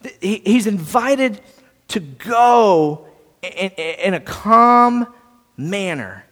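A man preaching a sermon, earnest, restarting and repeating words and swinging between soft and loud. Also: high voice, expressive, takes it slowly, long reverb tail. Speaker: pastor.

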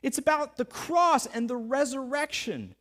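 A male pastor with a fairly high voice delivers a sermon like he's telling a story to friends. He talks casually, piles on filler words and breaks into playful sarcasm. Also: animated, a little slow, sharp tone.

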